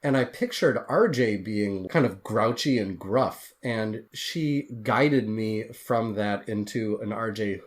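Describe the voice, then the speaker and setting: A man, a guest author on a podcast interview, telling his story in an earnest, heartfelt way. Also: fairly low pitch.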